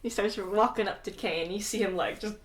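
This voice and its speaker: A woman's voice: mid-range voice, fairly quick, very noisy. A woman narrating as game master, laughing often and putting on voices for the characters. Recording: echoey room, mic from far off.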